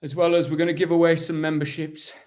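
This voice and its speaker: A proud, weary warrior-captain, put on by a man answers questions live. His voice sits fairly high. He rambles in a dry, mock-solemn way and keeps justifying himself. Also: little pitch movement, fast, a little mellow, natural voice. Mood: chatty. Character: proud weary male warrior-captain of a kingdom, self-serving. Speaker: impressionist taking live questions in character. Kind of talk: live-stream in-character Q&A.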